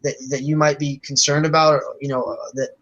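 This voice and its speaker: A man's voice: a little high, level tone, a little fast, a bit bright, lo-fi sound. A man in a casual discussion, arguing his case in an emphatic, persuasive, lecturing way. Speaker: vegan advocate in a discussion.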